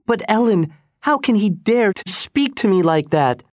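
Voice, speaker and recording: A man's voice: sits high, very animated, moderate pace, no room sound, studio quality, pitched above the performer's own voice. A man voicing a spoiled, haughty thirteen-year-old girl, demanding and imperious in a raised voice. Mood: upset.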